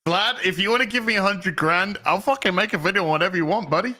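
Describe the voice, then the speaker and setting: A man with a British accent, a guest on a casual live-stream chat, brash and sweary in quick banter. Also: high voice, pushed and bright. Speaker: co-host guest.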